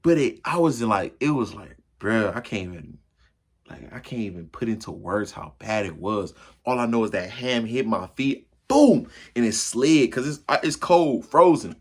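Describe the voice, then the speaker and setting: A man spins a funny story for his channel in an easy, slangy way, talking straight to the viewer. His voice sits at an ordinary pitch with a husky edge. He acts out the crashes and his own cries of pain with loud bursts. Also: normal speed. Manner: animated, acts out yells and crashes; casual slangy chat to viewer.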